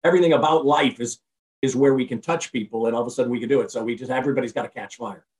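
A man speaking as a podcast guest and motivational speaker in casual conversation, energetic and preachy, often repeating and restarting his phrases. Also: mid-range voice, very fast. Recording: roomy sound from far off the mic.

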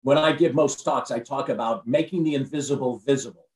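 A man speaking as a podcast guest and motivational speaker in casual conversation, energetic and preachy, often repeating and restarting his phrases. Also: medium pitch, brisk. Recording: roomy sound from far off the mic.

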